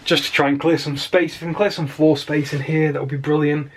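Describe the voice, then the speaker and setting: A man's voice: a little high, flat delivery, brisk, a little hiss or hum. A tired man from England chatting casually to the camera at home in a daily vlog, wry and self-teasing. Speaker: vlogger.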